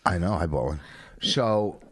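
A man, a stand-up comedian, chatting casually and profanely, rambling and often turning loud and indignant. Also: deep voice, animated, unhurried, slightly rough, dry recording. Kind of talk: casual podcast banter.

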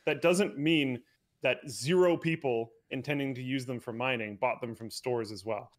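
Man, co-host, casual tech talk, measured, hedging, average pitch. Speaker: show co-host. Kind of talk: casual tech news chat.

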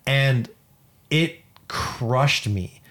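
A man's voice: medium pitch, very slow, fairly bright tone. A man in his thirties from Canada, co-hosting a podcast and telling a personal story in an earnest, rambling way with many restarts. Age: 30s. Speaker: podcast co-host. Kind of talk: casual chat.

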